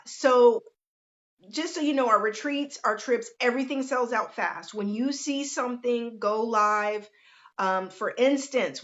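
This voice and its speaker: A woman's voice: fairly high pitch, fairly bright tone. A middle-aged woman, hosting a casual livestream and greeting viewers by name in a down-to-earth way. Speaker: host, life coach. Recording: lo-fi livestream audio.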